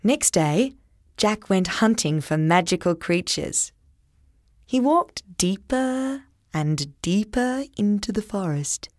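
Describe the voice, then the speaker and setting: A woman slowly reading a children's story aloud in a clear, expressive way. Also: mid-range voice, no room sound, studio quality. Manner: slow, expressive. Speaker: narrator.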